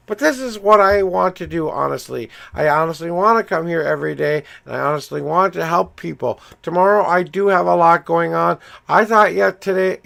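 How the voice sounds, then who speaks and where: A middle-aged man giving a casual livestream tarot reading, rambling and chatty as he talks straight to his viewers, his voice swinging up and down in pitch. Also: gravelly, a bit bright. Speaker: tarot reader.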